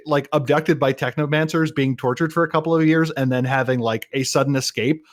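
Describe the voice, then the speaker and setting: A man co-hosting a casual podcast review, talking in an animated, joking way and often acting out quotes. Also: on the high side, brisk. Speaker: podcast co-host.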